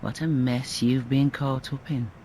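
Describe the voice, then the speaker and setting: An actor playing a solemn male hunter guide in a dark video game, speaking slowly and quietly. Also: mid-range voice, flat delivery, slight background noise, lightly acted. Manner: slow, solemn and hushed.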